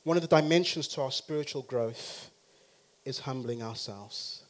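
A man preaching a sermon who talks straight to the congregation and swings from quiet to loud and emphatic. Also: medium pitch, normal speed.

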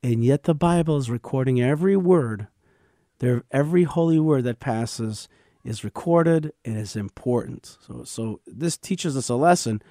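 A man's voice: medium pitch, expressive, moderate pace, warm tone, no echo, studio quality. A man hosting a radio show, teaching scripture in an emphatic, explanatory way with frequent stammered restarts.

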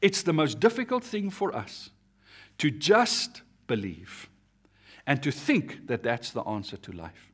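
A man preaching an earnest sermon, rising and dropping in pitch and volume as he makes his points. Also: wildly swooping pitch, a little slow, slightly rough. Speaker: pastor.

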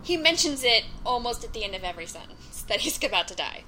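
A woman's voice: fairly high pitch, big pitch swings, fast talker, noisy background. A woman co-hosting a casual TV review podcast, blunt and dry in her criticism. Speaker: podcast co-host.

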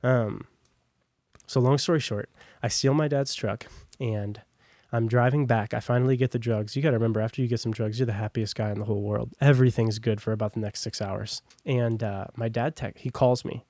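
A man's voice: mid-range voice, steady tone, fairly quick, mellow, dry recording, clean studio sound. A young man telling his personal testimony as a podcast guest, in a casual, rambling way full of fillers. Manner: casual, rambling, heavy on "like" and "long story short".

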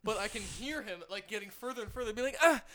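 A young man telling soccer stories in casual chat, animated and laughing often. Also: sits high, quick pace, a little hiss or hum.

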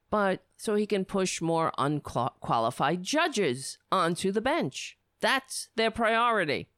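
A woman tears into her targets in a profane, sarcastic political rant. Her pitch leaps and dives all through it. The sound is dry and close, with no room around her. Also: a bit bright, no echo. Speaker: political commentary host.

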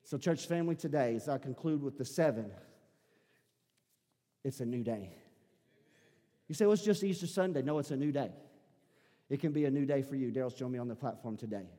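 A male pastor preaching a sermon, repeating his phrases and building up to shouting. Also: mid-range voice, a little fast, long pauses, big-room sound. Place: church sanctuary.

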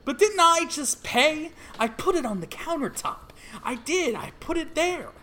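A cocky male cowboy racer with a sly, taunting drawl, put on by a man reading a comic aloud. The voice sits higher than a plain speaking voice and has a sharp, bright edge. It swings up and down with lively pitch. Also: a little slow, slight background noise, heavily acted.

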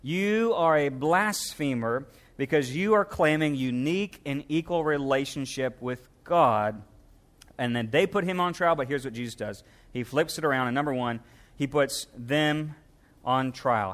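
A man preaching a sermon, emphatic, reading scripture aloud and stressing key words, shifting between quick and slow delivery. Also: on the high side, animated, a bit bright. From United States. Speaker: pastor.

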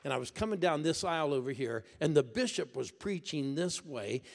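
An older man preaching a storytelling sermon to a congregation in a church, animated and building to excited shouts. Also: fairly high pitch, a little fast, creaky. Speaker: pastor. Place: church auditorium. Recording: echoey church hall.

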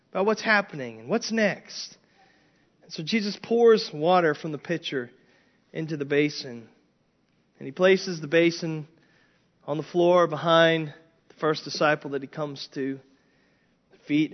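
Male pastor, verse-by-verse sermon, emphatic delivery, muffled recording. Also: a little high. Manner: animated, emphatic preaching with frequent restarts. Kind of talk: expository sermon.

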